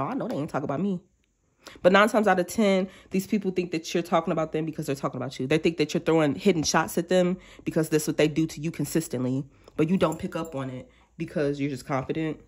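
A woman's voice: deep voice, fast, husky. A woman giving a casual tarot reading to her viewers, chatty and slangy, often breaking off to act out quoted thoughts. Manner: chatty, animated, slangy and self-interrupting, acting out quoted thoughts. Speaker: tarot reader.

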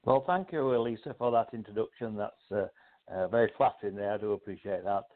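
An older man with a British accent, a guest author telling his life story in a modest, measured way with hesitant fillers. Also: lowish voice. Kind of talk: storytelling in a casual interview. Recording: tinny phone-like line.

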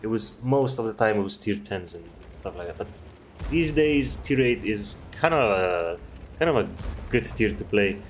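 A man's voice: lowish voice, expressive, normal speed, a little hiss or hum. A man casually commenting on a game replay, rambling and chatty, swearing freely. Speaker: gameplay commentator.

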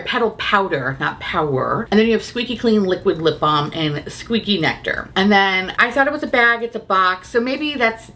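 A woman, a beauty YouTuber, chatting casually about makeup, swearing freely and laughing often. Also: medium pitch. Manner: profane, giggly, animated and opinionated.

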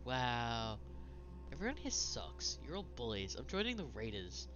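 Lively swearing man playing a game. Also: mid-range voice, a little slow, muffled recording, over music. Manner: lively, swearing, laughing, self-mocking. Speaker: gaming let's-player. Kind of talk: casual gameplay commentary.

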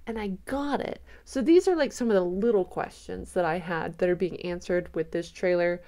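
A woman giving excited reaction commentary on a trailer, gushing and speculating aloud, breaking into gasps and squeals. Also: fairly low pitch, normal speed.

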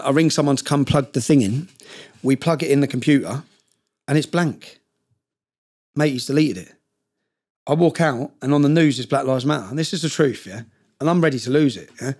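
A man's voice: medium pitch, fairly quick, darkish tone. A man, a podcast guest telling a long story in casual conversation, emphatic and fond of tag questions like "yeah?".

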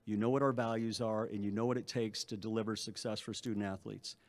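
A man's voice: lowish voice, steady tone, brisk. A middle-aged man, an athletic director, speaking at a press conference, giving long thank-yous with frequent restarts and fillers.

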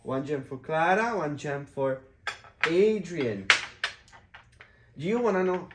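A man's voice: on the high side, lively intonation, slow pace, echoey room, very noisy. A father playfully teaching his young children simple words, patiently repeating each one. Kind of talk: playful kids' vocabulary lesson.

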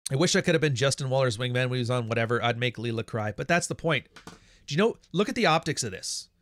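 A man hosting a livestream, talking in a blunt, profane, animated way and telling stories to his audience. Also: fairly high pitch, no echo, studio quality. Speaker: livestream host. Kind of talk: casual livestream monologue.

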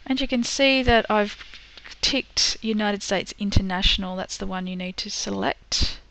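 A woman's voice: mid-range voice, measured pace, gravelly, fairly bright tone, a little hiss or hum. Patient woman explaining step by step. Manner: patient, step-by-step, with frequent ums. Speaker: teacher. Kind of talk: screen-recorded software tutorial.

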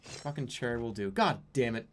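A man's voice: medium pitch, moderate pace, a bit bright, a little hiss or hum. A young man giving casual, jokey commentary while playing a video game, easily exasperated. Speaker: streamer. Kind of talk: let's-play commentary.

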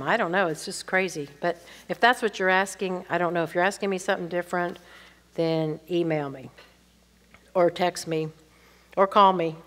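A woman's voice: fairly low pitch, fairly bright tone. Older woman answering questions in a reverberant hall. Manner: candid, chatty, reads questions aloud then answers with personal stories. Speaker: Bible teacher answering audience questions.

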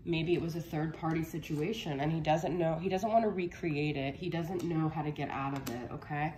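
A woman's voice: low voice, steady tone, brisk, darkish tone, reverberant, slight background noise. A young woman giving a casual tarot reading, a little out of breath, chatty and reassuring, often checking in with "okay?". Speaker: tarot reader.

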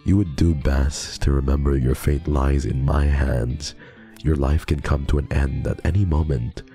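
A man's voice: a bass voice, fairly even intonation, measured pace, warm tone, faint music behind. A man voicing a haughty male Grim Reaper who taunts a mortal in a mocking, theatrical way.

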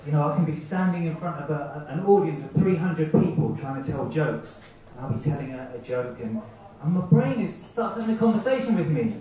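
A man's voice: on the high side, lively intonation, a little fast, dark tone. Self-mocking male comic, echoey distant club recording. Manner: rambling, self-mocking, acts out inner voices. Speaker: stand-up comedian. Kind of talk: stand-up comedy set. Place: open mic night at a pub or club. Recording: echoey, muffled amateur club recording from afar.

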